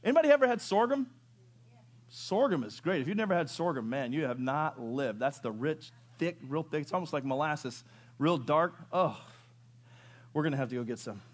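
Lively preacher, man. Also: moderate pace. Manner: lively preaching, swings from loud rising questions to low quiet asides. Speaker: pastor. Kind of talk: sermon. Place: church sanctuary.

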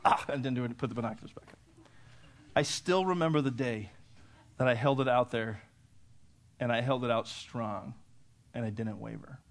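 A man's voice: mid-range voice, normal speed, pauses often. A man preaching a storytelling sermon who acts out the voices of the people in his story and laughs as he goes.

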